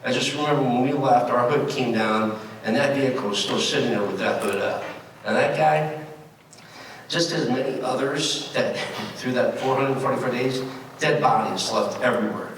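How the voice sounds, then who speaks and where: In this storytelling speech, a U.S. man in his sixties describes being held hostage, talking to the audience in a conversational way with fillers and dry humor. He has a mid-range voice at a moderate pace, recorded far away in an echoey hall with faint noise.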